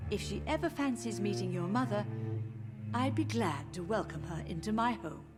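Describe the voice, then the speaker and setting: A woman's voice: medium pitch, expressive, moderate pace, close to an everyday voice. An actress playing a frail, confused elderly mother who speaks in a wistful, drifting, tender way, in video game dialogue with faint music beneath. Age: older.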